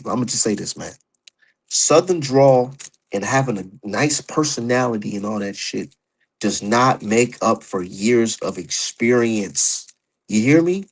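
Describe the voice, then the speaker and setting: A man's voice: medium pitch, gravelly, husky. A man ranting about boxing on his stream, heated, profane and mocking. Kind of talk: opinionated casual rant.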